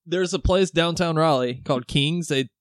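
Recorded in a clean studio with no room sound, this podcast co-host talks at normal speed in a fairly high voice. The casual chat is full of laughter and swearing, and he acts out lines from films.

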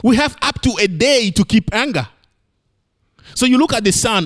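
A man preaching a sermon, playful and animated, swinging between high exclamations and low emphatic lines. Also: moderate pace.

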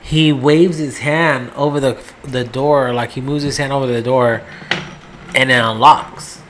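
A man's voice: medium pitch, steady tone, a little slow, a bit bright. Male co-host, chatty and rambling, acts out the people in his stories, faint background hiss. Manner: rambling storyteller, acts out quotes, swears. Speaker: podcast co-host. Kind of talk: casual chat.

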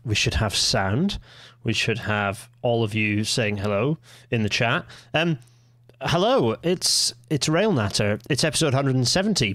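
A man hosting a casual live stream, rambling with quick asides and restarts. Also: mid-range voice, fairly bright tone, no room sound, studio quality. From Scotland. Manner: rambling, self-interrupting, quick asides with laughs. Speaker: livestream host.

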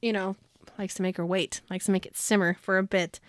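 A woman co-hosting a casual book discussion, retelling the plot with lots of laughter and quick quoted voices for the characters. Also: medium pitch, a little hiss or hum. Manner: animated storytelling, quotes characters in put-on voices, laughs often. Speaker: podcast co-host.

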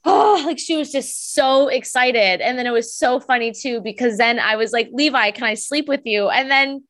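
A young woman with a slightly high voice tells a personal story in a relaxed, chatty way. She is animated, laughs often, and fills her sentences with "like." She speaks as a medium guesting on a podcast. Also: normal speed. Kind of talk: casual storytelling.

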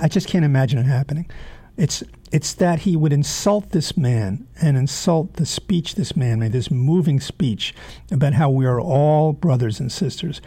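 A man hosting his own show, giving blunt political commentary in a halting way with many fillers. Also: medium pitch, warm tone, no room sound. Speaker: show host. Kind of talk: opinionated political commentary monologue.

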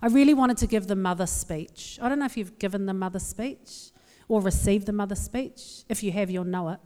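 A woman with a New Zealand accent gives a funny, candid personal talk to a live audience, poking fun at herself as she tells stories. Her mid-range voice is brisk and mellow, and long hall reverb surrounds the recording.

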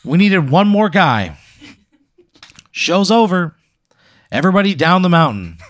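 A man putting on the voice of a petulant male film director, shrill and whiny. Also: sing-song, unhurried, dry recording. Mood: dramatic despair. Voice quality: shrill, squeaky outbursts.

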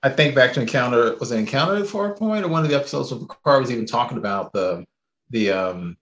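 A man co-hosting a podcast in casual chat, eager and lively, acting out lines he quotes. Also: mid-range voice, fast talker. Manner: enthusiastic, acts out quoted lines. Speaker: podcast co-host. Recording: roomy echo.

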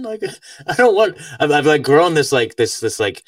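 A man's voice: fairly high pitch, sing-song, moderate pace, no room sound. A man hosting a podcast in casual conversation, rambling with lots of filler words and easy laughter. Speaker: podcast host. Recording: dry, distant from the mic.

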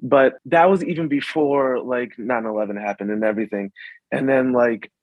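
A young man from the Washington, DC suburbs talks in loose, halting bursts, packing his sentences with fillers and restarts. His voice sits at a middling pitch. The recording is dry and slightly muffled, with a lo-fi dullness. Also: no room sound. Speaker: guest. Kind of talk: casual conversation.

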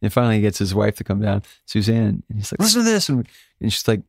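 A low-voiced man from Alaska tells his story as a guest in a relaxed interview. He is animated and leaps into high voices whenever he quotes someone. The sound is dry and close, with no room around it. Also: fast, vocal fry, no echo. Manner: animated storyteller, jumps high when quoting others. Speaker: guest musician.

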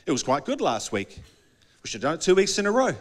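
A man preaching with a slightly higher voice than most men. He talks loosely and conversationally, and he often acts out little back-and-forth dialogues as he goes. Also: wildly swooping pitch, quick pace. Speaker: pastor. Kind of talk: sermon.

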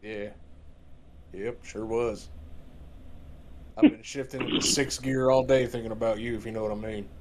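Deadpan baiting prank caller, a man. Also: on the low side, moderate pace, long pauses, crowd noise. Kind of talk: prank phone call.

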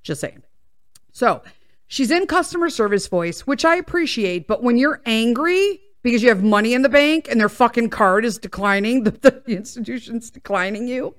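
A woman's voice: a little high, fairly bright tone. A woman hosting a podcast, telling a story as a heavily profane, exasperated rant. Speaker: podcast host.

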